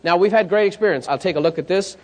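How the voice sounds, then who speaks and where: A fairly high-voiced man works a seminar crowd as a sales coach. He tells lively stories and keeps checking that his audience follows. His voice rings out with the long reverb of a hall. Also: quick pace. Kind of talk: live seminar talk.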